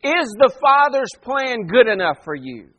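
A man's voice: extremely high pitch, very animated, measured pace, sharp tone, highs cut off. A man preaching a sermon, acting out the voices of the people he quotes and pressing his listeners with rhetorical questions. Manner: dramatic voicing of quoted figures, rhetorical questions. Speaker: pastor.

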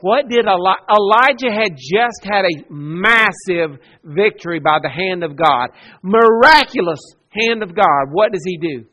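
A man preaching a sermon, moving between loud emphasis and quiet asides and acting out the people he quotes. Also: high-pitched, lively intonation, a little slow, lo-fi sound.

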